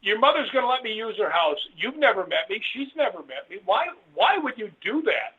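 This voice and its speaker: Man, guest on a call-in show, husky voice, slightly high, tinny phone line, rambling storyteller. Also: brisk. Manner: rambling, animated retelling with voiced quotes. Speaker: guest author. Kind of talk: casual storytelling interview.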